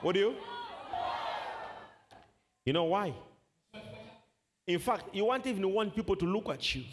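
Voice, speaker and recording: A male preacher with a very high voice that swings widely up and down, preaching with shouts and repeated phrases. He speaks slowly and draws out his words, and music plays loudly behind him. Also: lively intonation, big-room sound, a faint crowd, slight background noise. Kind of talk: sermon.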